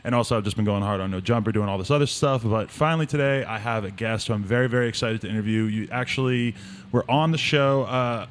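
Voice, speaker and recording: A man's voice: fairly low pitch, quick pace. A man hosting a podcast, chatting casually and asking eager follow-up questions. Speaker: podcast host. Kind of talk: casual interview chat.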